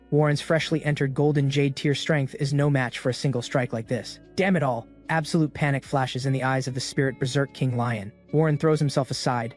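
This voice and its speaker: A man's voice: medium pitch, darkish tone. A man narrating a story recap in a dramatic, scripted style.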